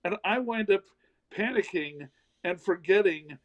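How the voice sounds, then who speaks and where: A man's voice: sits high, animated, a little slow, muffled recording. A middle-aged man from the American South, a comedian telling a self-deprecating story in a casual interview. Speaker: comedian guest.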